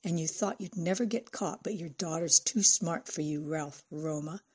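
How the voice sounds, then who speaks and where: A woman's voice: on the low side, normal speed, darkish tone, husky. A woman narrator voicing an indignant, theatrical woman who makes biting accusations.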